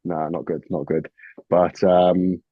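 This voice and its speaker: A man's voice: low-pitched, little pitch movement, slow, narrow, tinny audio. A man hosting a podcast, laughing and teasing in casual banter. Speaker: podcast host.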